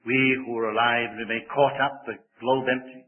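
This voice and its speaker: An older man preaching a sermon in a church, moving between loud, emphatic declaiming and quiet, joking asides to the congregation. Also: mid-range voice, level tone, moderate pace. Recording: tinny phone-like sermon recording.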